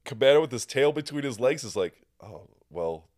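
A man's voice: mid-range voice, expressive, normal speed, darkish tone, dry recording, studio quality. A man hosting a podcast in casual chat, teasing his guest and telling stories in a laid-back way. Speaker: podcast host.

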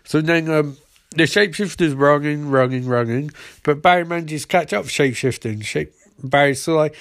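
A man with a slightly high voice tears through a TV episode recap with sarcasm and swearing. He keeps jumping into quick impressions of the characters. The delivery is loose, mocking and comedic. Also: no room sound, clean studio sound. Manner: profane, sarcastic, jumps into quoted voices.

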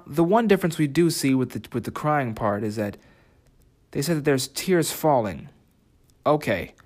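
A man teaching a writing lesson, reading quoted lines and asking the listener reflective questions. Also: mid-range voice. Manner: reflective, asks listeners questions, reads lyric quotes slowly. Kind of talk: spoken lesson comparing translations.

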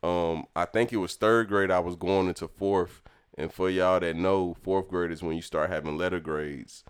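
A young podcast storyteller casually recounts childhood memories, laid-back, laughing a lot, and acting out the things people said. His voice is low and steady, clear and resonant, at a normal speed.

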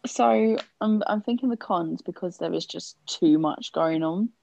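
A woman's voice: lowish voice, a little slow, vocal fry, darkish tone, lo-fi sound, a little hiss or hum. A woman, co-hosting a film podcast, talking hesitantly in a rambling, casual way with frequent swearing. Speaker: podcast co-host. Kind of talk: casual film review chat.

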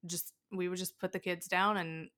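Casual chat guest: woman, 30s, lower pitch, bright forward tone, candid storyteller. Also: moderate pace. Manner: candid, animated storytelling with laughs. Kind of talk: casual conversation.

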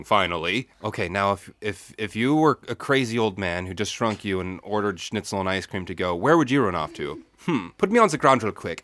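A man's voice: on the low side, a bit bright, no room sound. A man hosting an improvised comedy story, playfully narrating and jumping between characters. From California. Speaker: host and narrator.

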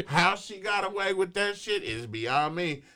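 A male talk-show co-host spinning a loose, profane story in a radio studio. His voice sits a touch high and rings bright, and his pitch leaps around as he tells it. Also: animated, a little slow. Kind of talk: casual storytelling chat.

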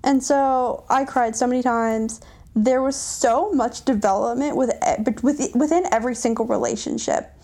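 A woman's voice: a little high, fairly even intonation, normal speed, darkish tone. A young woman co-hosting a casual podcast, gushing enthusiastically about books, with lots of fillers. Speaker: podcast co-host.

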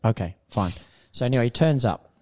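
A man telling an animated story in casual studio chat, laughing often. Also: medium pitch, brisk.

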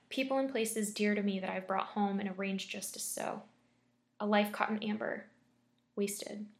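A young woman reading scary stories aloud and chatting about them between stories, using lots of fillers when she reacts. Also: mid-range voice. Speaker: story reader and host. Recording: roomy echo.

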